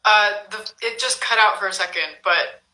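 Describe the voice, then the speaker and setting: A woman's voice: medium pitch, normal speed, bright, forceful tone, roomy sound, rough recording. A woman guest in a casual chat, thoughtful and reflective.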